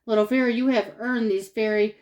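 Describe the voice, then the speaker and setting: A woman's voice: a little high, fairly even intonation, a little fast, a little mellow, lightly acted. A theatrical little girl who takes herself very seriously, from a children's storybook, voiced by a woman reading aloud. She speaks grandly and complains easily. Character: dramatic young girl, a fussy actress.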